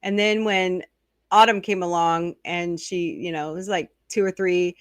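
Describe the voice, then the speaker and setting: A woman's voice: fairly low pitch, steady tone, unhurried, dry recording. Chatty middle-aged woman streamer host, dry close mic, reads the chat as she goes. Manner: chatty, reads and answers viewer comments. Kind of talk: casual live-stream chat.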